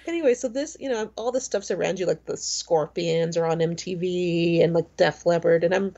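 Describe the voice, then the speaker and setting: A woman's voice: lowish voice, moderate pace, gravelly, warm tone, highs cut off. A woman in her forties co-hosting a podcast, telling stories in a rambling, chatty way full of fillers. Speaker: podcast co-host. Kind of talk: casual chat.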